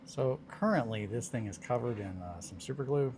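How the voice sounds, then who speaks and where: Gravelly man muttering at fiddly miniatures. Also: medium pitch, animated, moderate pace, background noise. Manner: mutters and coaxes at fiddly parts, self-talking. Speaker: hobby livestream host. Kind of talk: casual livestream chat while building miniatures.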